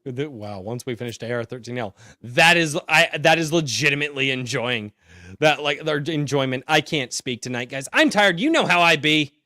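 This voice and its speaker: Excitable American man hosting a live stream. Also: medium pitch, normal speed, no room sound, clean studio sound. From United States. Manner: excitable, joking, swings from loud to mumbled. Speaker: podcast host. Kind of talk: casual live-stream chat.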